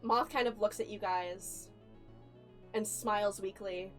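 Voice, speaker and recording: A woman narrating a spooky tabletop game as game master, telling it slowly and deliberately with suspenseful pauses. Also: mid-range voice, fairly even intonation. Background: faint background music.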